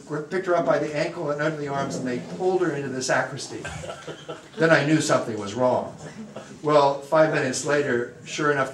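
Priest telling a funny story, echoey. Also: male voice, on the high side. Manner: lively anecdotal, self-deprecating humor. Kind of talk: humorous storytelling talk to a parish group. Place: church or parish hall. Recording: echoey, distant mic, faint room noise.

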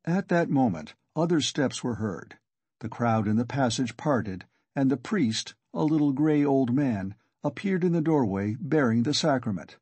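A male audiobook narrator reads a classic novel in a steady, measured way. His voice is dark, mellow and a little husky. The recording is dry and close, with no room around it. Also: mid-range voice, no room sound.

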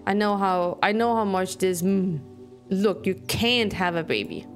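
A woman's voice: mid-range voice, lively intonation, measured pace, faint music behind. A woman voicing a restless young woman who is hurt and angry, reading game dialogue aloud. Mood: frustrated.

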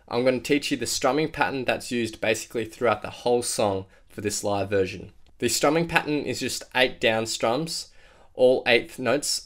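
A man giving a step-by-step guitar lesson, explaining chord shapes and counting out strumming patterns beat by beat. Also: medium pitch. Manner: clear step-by-step instruction, counting beats aloud. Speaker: guitar teacher. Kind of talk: guitar tutorial. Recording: loud acoustic guitar under the voice. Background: acoustic guitar playing.

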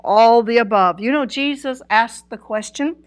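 A woman with a somewhat high voice delivers a Bible study lesson. She speaks earnestly and with emphasis, swooping up on key words and sinking to a hush at the ends of phrases. She puts questions straight to her listeners. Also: moderate pace. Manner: earnest, emphatic, swooping between loud and soft; asks listeners direct questions. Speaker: Bible teacher.

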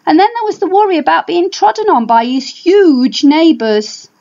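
A woman reading a picture book aloud for primary school children, animated and drawing out key words. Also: very high-pitched, creaky. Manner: animated, drawn-out emphasis. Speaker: storybook reader for a primary school. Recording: dull lo-fi home recording.

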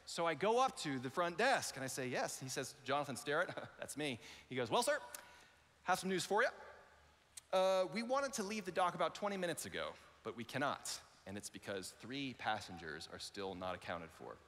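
A man, a pastor, telling a lively story in a sermon, acting out the voices of the people in it. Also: medium pitch, moderate pace, long reverb tail. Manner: animated, acts out voices in his story. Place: large church auditorium.

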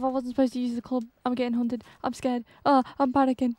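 A young woman giving casual gameplay commentary, excitable and jumpy, with frequent exclamations and gasps. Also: fairly high pitch, fairly quick, hardly any pauses, no room sound. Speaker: gaming channel host.

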